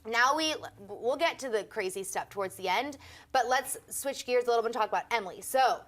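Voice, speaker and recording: A woman co-hosting a TV recap show, talking in an excited, gossipy, emphatic way. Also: on the high side, brisk. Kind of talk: casual recap chat.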